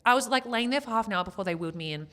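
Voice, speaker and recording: A young woman, sharing a painful personal story as a podcast co-host, emotional and near tears at times but quick to laugh. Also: a little high, animated, a bit bright.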